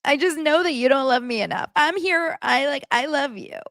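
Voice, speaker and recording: A woman's voice: sits high, normal speed, fairly bright tone, no echo, clean studio sound, voice pushed up. A woman mimicking a needy, tipsy young woman who pleads over and over in a rising whine. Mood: pleading.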